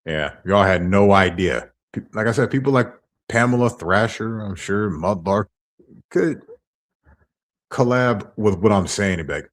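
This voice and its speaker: A man's voice: sits low, animated, measured pace. A man ranting on his stream, heated and profane as he tells his side of a feud. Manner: angry, profane storytelling.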